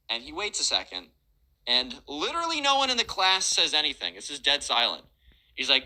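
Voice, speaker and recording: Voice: mid-range voice, huge pitch swings, brisk, sharp tone, low-quality recording. A storytime YouTuber telling a story in a rambling, self-correcting way. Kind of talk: storytime narration with ad reads.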